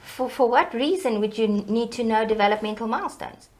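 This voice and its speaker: A middle-aged woman educator, explaining child development in a lively, teacherly way in an interview. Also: brisk. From South Africa. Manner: animated, teacherly, varies pitch and loudness for emphasis.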